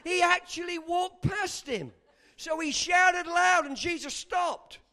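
A man preaching a sermon, animated and bursting into shouts at moments of emphasis. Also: very high voice, slow.

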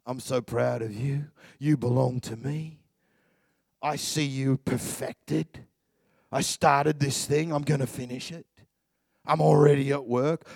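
A preacher voicing a tender, loving God. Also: male voice, creaky, husky, dry recording, clean studio sound, full character voice. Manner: soft, low and reassuring. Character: tender God speaking lovingly to his children.

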